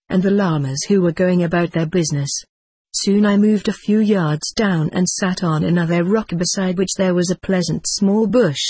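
Husky voice reading a story, steady and unhurried, dry close sound. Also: mid-range voice, no echo. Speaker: audiobook narrator. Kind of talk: first-person story narration.

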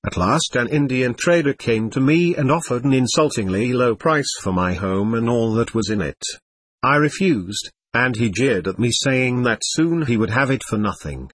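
A man's voice: medium pitch, animated, moderate pace, a bit bright, breathy edge, dry recording. A man voicing a weary, dying convict silversmith who tells his story in a weak, bitter way.

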